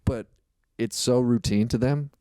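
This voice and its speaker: A man's voice: mid-range voice, measured pace, mellow, no room sound, studio quality. A man, a comedian guest on a podcast, telling stories in a rambling, reflective way with lots of fillers. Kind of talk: casual podcast chat.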